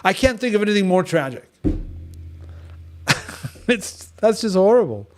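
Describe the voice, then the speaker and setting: Middle-aged male group leader, blunt and animated, slightly high voice, casual teaching talk. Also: unhurried, slight background noise. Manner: animated, storytelling, blunt, many restarts.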